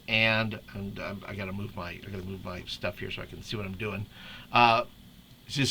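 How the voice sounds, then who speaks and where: A man's voice: lowish voice, animated, moderate pace, pushed and bright, slightly rough. A man leading a casual tutorial for youth ministry leaders, chatty and laughing often as he restarts his sentences. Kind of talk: casual screen-share tutorial.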